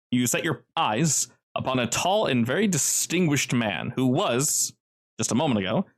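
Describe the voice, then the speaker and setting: A man narrating a tabletop role-playing game as game master, loose and descriptive. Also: medium pitch. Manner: descriptive, relaxed, loose phrasing.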